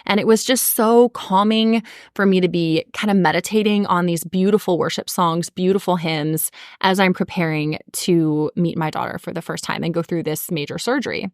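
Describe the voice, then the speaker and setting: An earnest woman in her thirties tells a heartfelt personal story, with a slightly low voice and lots of casual fillers. She is recorded on a close, dry mic with no room sound. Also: fairly even intonation, moderate pace, dry recording. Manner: earnest, emotional, many fillers like "like" and "you know". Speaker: podcast host.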